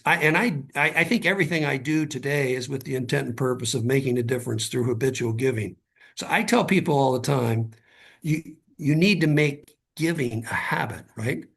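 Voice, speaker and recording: Middle-aged male guest, fairly high voice with a husky rasp, earnest and halting. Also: a bit bright. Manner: earnest, halting, repeats words when starting a thought. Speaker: guest author. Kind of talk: conversational storytelling.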